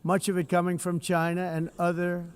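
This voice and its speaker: A man delivers a head-of-state address with a combative, boastful edge, his voice pitched a little high for a man. He keeps breaking away from the script into rambling asides and hammers his points home by repeating them. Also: monotone, moderate pace, clear, resonant tone. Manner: digressive, slips from script into off-the-cuff remarks. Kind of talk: formal political speech with ad-libbed asides.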